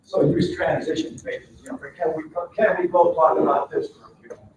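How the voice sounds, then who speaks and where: A man's voice: a little high, brisk, a little hiss or hum. A man leading a live training seminar, talking animatedly and acting out workplace exchanges. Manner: animated, acts out workplace dialogues. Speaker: workshop trainer. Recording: echoey room, mic far off.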